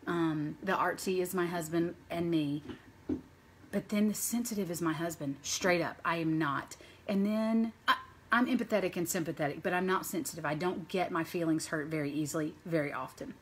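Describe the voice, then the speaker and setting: A woman's voice: fairly low pitch, moderate pace, a little hiss or hum. A woman in her thirties telling parenting stories in a casual vlog monologue, chatty and rambling, linking her thoughts with "and so.". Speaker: mother sharing parenting stories.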